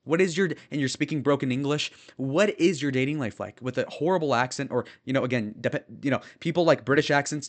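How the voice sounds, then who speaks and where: A young man hosting political commentary, talking in a rambling, opinionated way with frequent restarts. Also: medium pitch.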